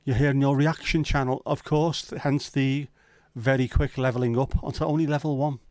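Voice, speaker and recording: A man's voice: mid-range voice, steady tone, moderate pace, darkish tone, dry recording. A man hosting a casual livestream chat, joking and teasing his viewers in loose banter. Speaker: livestream host.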